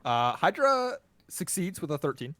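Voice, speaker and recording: A man narrating as game master for a tabletop game, talking in a laid-back way with lots of ums and quick laughs. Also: on the high side, very animated, pushed and bright.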